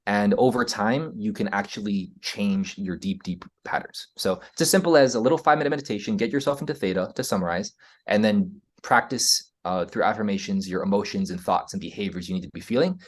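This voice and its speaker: An American man with a somewhat low voice, talking as a guest on a podcast. He explains earnestly and casually, restarting phrases and tagging points with "right?". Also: a little fast. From United States. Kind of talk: casual interview talk.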